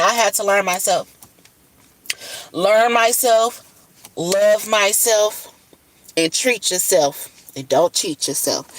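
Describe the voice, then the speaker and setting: A woman's voice: lowish voice, rough recording. A woman talking casually on a livestream from her phone, blunt and full of profanity. She rambles about love and self-care, tired and puffy-eyed after crying. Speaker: livestream host. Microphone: phone camera.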